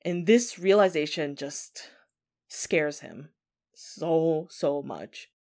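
A woman tells a ghost story in a relaxed, conversational way. She often says 'like' as she talks. Her voice sits a little low. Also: very slow. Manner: chatty, filler 'like' often. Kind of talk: casual spoken ghost story.

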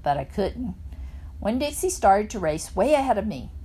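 A woman's voice: mid-range voice, moderate pace, slightly rough. Woman reading a children's novel aloud. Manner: plain steady narration. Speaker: reader.

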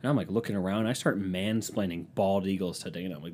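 A man with a fairly low voice holds forth alone on his podcast mic. He rambles from one story to the next, swearing freely and poking fun at himself. A faint low rumble sits under the recording. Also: fast, a little mellow. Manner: casual, profane, self-mocking storytelling. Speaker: podcast host. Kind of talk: rambling comic monologue. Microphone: podcast microphone.

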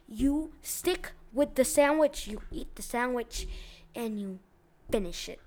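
A woman with a high, bright-pitched voice hosts a laid-back video, reading online posts aloud. She talks in loose slang, giggles often, and jumps between loud outbursts and quieter asides. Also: lively intonation, slow pace. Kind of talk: casual commentary and reading aloud.

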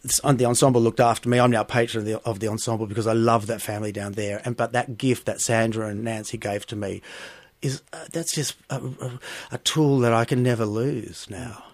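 Expressive Australian man telling stage stories. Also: mid-range voice, a little fast, no room sound. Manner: expressive storyteller, animated bursts when amused. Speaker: stage performer, guest. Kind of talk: interview conversation.

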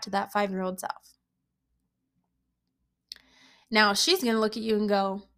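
A woman's voice: mid-range voice, steady tone, fast, fairly bright tone. A young woman coach giving an encouraging motivational talk, emphatic and repeating key phrases for weight. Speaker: self-help coach. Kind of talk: motivational monologue to camera.

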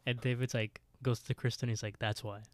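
A man's voice: flat delivery, a little fast, no room sound. A man co-hosting a podcast, recapping an episode in casual chat and laughing often. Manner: laughs often, quotes characters in high mocking voices. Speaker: podcast co-host.

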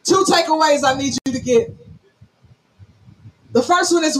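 Emphatic high-voiced woman preacher. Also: normal speed, long pauses, poor audio. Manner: preaching loudly, emphatic, calls for audience responses; folksy, tells stories on herself. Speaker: pastor. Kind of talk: sermon.

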